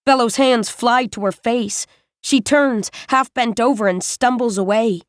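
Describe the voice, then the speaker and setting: A woman reading a first-person novel aloud as an audiobook narrator, in a measured, deliberate way. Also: fairly high pitch, dry recording, studio quality.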